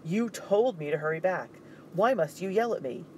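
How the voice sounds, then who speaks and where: A man's voice: high-pitched, lively intonation, normal speed, a little mellow, a little hiss or hum, pitched above the performer's own voice, poor audio. A man reading aloud, voicing a complaining, defensive male fur trader's helper.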